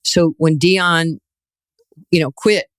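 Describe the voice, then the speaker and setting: A woman in her sixties from New York, a guest telling lively stories in an interview and acting out the voices in them. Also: low voice, takes it slowly, dry recording, clean studio sound. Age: 60s. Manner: animated storyteller, acts out quoted voices, laughs often. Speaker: guest, former basketball player. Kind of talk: storytelling interview.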